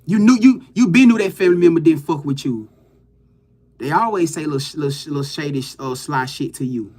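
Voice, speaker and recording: A man's voice: a little high, animated, a little fast, darkish tone. A man giving a loose, profane, hyped-up motivational pep talk to his viewers as a livestream host.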